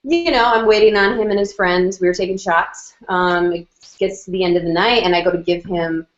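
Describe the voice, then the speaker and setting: On a video call, a woman with a lowish, steady voice talks a little fast while recounting something that happened to her. She fills her speech with "like" and "um" and acts out people's lines, and the audio comes through roomy and muffled.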